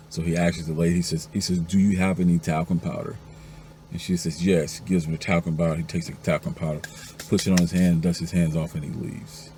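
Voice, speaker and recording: A man's voice: dark tone, a little hiss or hum. A man telling a string of husband-and-wife jokes one after another and acting out each character's lines. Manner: acts out the jokes' characters, going up to a high pitch for the wives. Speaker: joke teller.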